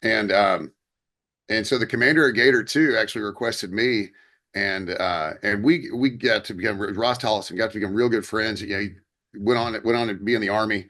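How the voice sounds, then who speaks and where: A man's voice: lowish voice, brisk, bright, forceful tone. A young man co-hosting a podcast, telling stories in a rambling casual way with many fillers and restarts. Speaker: podcast co-host. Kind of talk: casual chat.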